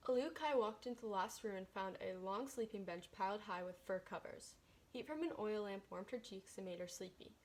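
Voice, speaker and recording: A woman's voice: medium pitch, brisk, a little mellow, slight background noise. Woman reading a picture book aloud. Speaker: storybook reader.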